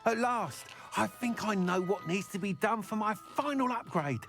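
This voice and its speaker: An actor playing a cheerful middle-aged broom-maker who tests flying brooms, in video game dialogue. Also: male voice, high voice, normal speed. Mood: eager. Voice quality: lively, eager. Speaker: game character. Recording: game audio with soft music behind.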